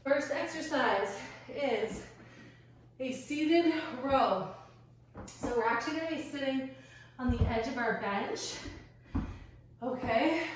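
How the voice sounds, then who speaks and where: A woman's voice: high voice, a little hiss or hum. A woman fitness instructor giving workout cues and counting sets, out of breath while exercising. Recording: echoey room, distant mic.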